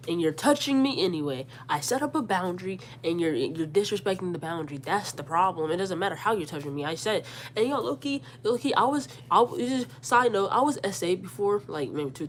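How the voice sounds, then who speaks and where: With a voice on the low side and slight background noise, a young storytelling vlogger recounts something that happened to her. She's lively and full of slang, says words more than once, and performs other people's lines.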